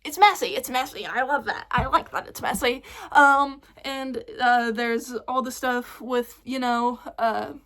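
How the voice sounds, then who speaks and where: A young woman ranting excitedly in a casual fan vlog, rambling with lots of fillers and swearing. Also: on the high side, a little slow, hardly any pauses. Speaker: vlogger.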